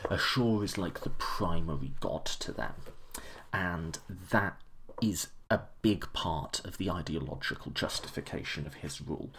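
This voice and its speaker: Low gravelly man explaining history. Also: a little slow, fairly bright tone, a little hiss or hum. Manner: chatty and enthusiastic, with fillers and self-corrections. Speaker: history presenter. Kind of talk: casual lecture-style explanation.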